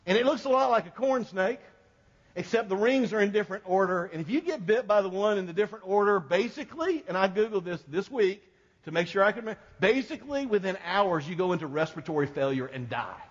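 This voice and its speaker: Male pastor, high voice, casual storytelling sermon, dull recording with long reverb. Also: animated, fast. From American South. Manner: folksy storytelling, jokes with congregation.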